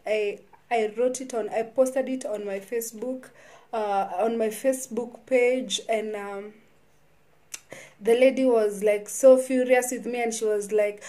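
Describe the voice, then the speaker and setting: A woman telling her own life story in a vlog, halting and often restarting her sentences. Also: a little high, mellow. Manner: halting, with frequent restarts and repeated words. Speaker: vlogger.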